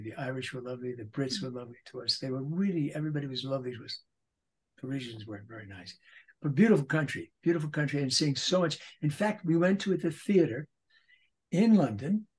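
A man in his eighties, a voice actor guest, telling animated anecdotes in a casual interview, with frequent restarts. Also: medium pitch, slightly rough. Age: 80s.

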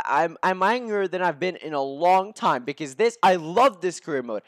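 A man's voice: fairly high pitch, very animated, measured pace, a bit bright, no echo, studio quality. A young man doing live commentary over a video game as a gaming YouTuber, ranting and swearing heavily and tripping over his words as he restarts sentences. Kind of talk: live gameplay commentary rant.

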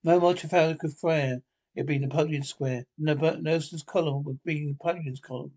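A man's voice: on the high side, steady tone, normal speed, darkish tone. An actor playing a pompous older mad scientist who thinks he is Napoleon, in a 1960s TV drama. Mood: grandiose. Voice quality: pompous, theatrical.

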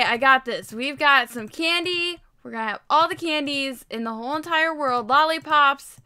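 A woman giving casual gameplay commentary while she builds, excitable and rambling, poking fun at herself. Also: sits high, normal speed. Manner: excitable, rambling, self-mocking. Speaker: Minecraft video creator.

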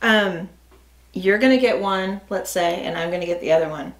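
A woman's voice: fairly low pitch, normal speed, echoey room, low-quality recording. A woman co-hosting a casual snack-tasting vlog, chatty and giggly, often talking over her partner. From United States. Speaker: vlog co-host.

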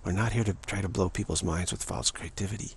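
Deep gravelly-voiced man teaching. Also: fairly even intonation, quick pace, a little hiss or hum. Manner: repetitive, many restarts and "you know", acts out dialogues. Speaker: spiritual teacher. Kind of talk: spiritual teaching monologue.

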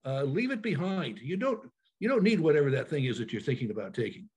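A man presenting a packing talk in a webinar, speaking over a video call, halting with many fillers and restarts. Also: a little high, very animated, a little mellow, breathy edge.

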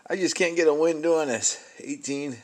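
A man's voice: on the high side, normal speed. A man giving casual running commentary as he scratches lottery tickets, muttering numbers and sighing and groaning at losses.

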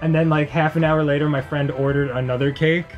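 A man's voice: fairly high pitch, fairly even intonation, brisk, dull audio, faint music behind. Rambling man telling stories over a game. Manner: rambling and laughing, with loud mimicked voices. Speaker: co-host. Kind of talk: casual storytelling while gaming.

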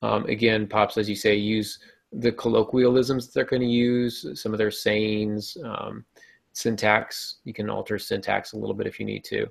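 A man's voice: lowish voice, flat delivery, moderate pace, creaky. A man co-hosting a podcast on fiction writing, chatty and laid-back in his delivery. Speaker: podcast co-host. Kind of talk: casual podcast discussion on writing.

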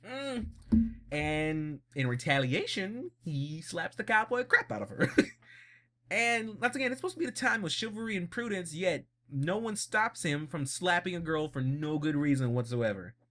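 A man giving a casual, blunt episode recap in a vlog, animated and laughing often. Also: on the high side, normal speed. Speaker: vlogger.

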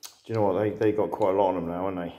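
A man who hosts a tabletop wargame in casual chat, laughs often and curses his dice out loud. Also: low-pitched, fairly even intonation, very fast. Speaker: wargame player and host. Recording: echoey room.

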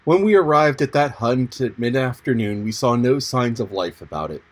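A man reading an audiobook chapter in a measured, descriptive manner. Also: medium pitch, lively intonation. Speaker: audiobook narrator. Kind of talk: audiobook narration.

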